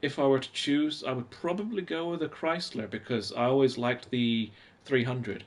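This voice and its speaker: A man's voice: mid-range voice, normal speed. Guy in his 40s rambling on a home live stream, reading bits out of old mags and chatting to whoever's watching. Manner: rambling, reads old magazines aloud and chats to viewers. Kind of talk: casual live-stream chat.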